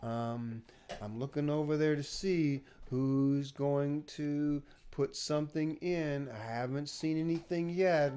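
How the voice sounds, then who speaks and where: A man's voice: fairly high pitch, slow pace. A teaching artist on a home livestream, talking playfully to children and his dogs between songs. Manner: animated, playful, talks to his dogs and viewers. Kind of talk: children's music session on a livestream. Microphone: livestream camera. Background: guitar.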